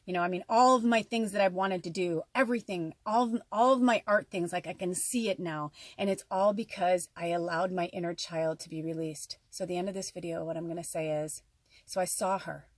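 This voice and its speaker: A woman telling a personal story in a casual vlog, excitable, swearing often and acting out her own dialogue. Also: fairly low pitch, a little fast, dry recording.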